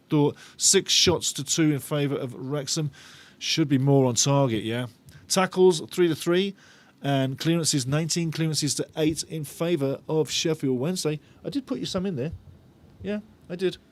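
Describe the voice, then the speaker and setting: A middle-aged man hosting a live football watch-along, chatting and bantering as he reads out viewer comments with a jokey, sarcastic streak. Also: fairly high pitch. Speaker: fan channel host of a match watch-along. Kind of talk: live-stream chat and match talk.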